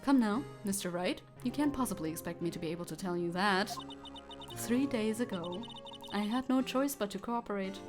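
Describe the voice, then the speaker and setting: A woman voicing a cold, composed female chief prosecutor in a measured, restrained tone. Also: medium pitch, over music, natural voice. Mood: guarded.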